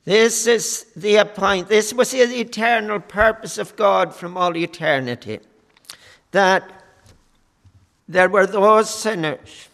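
A man preaching a sermon, with a high voice and a slow, measured delivery, pausing on fillers as he goes. His words ring with the long reverb of a church hall. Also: bright, forceful tone.

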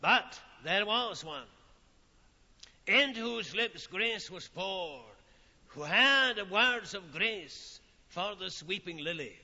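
A man preaching a sermon in a slow, solemn manner, with dramatic pauses and phrases that fall away softly. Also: high-pitched, expressive. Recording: old lo-fi recording in a reverberant hall.

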